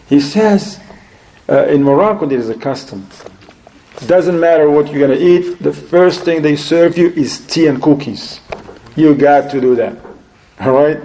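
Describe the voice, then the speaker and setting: A man lecturing to an audience, telling stories in a lively way, laughing often and sprinkling in Arabic religious phrases. His voice sits a bit high for a man. It also has a mellow, warm tone. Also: slight background noise, rough recording. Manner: animated, acts out quoted voices, laughs often. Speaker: Islamic lecturer.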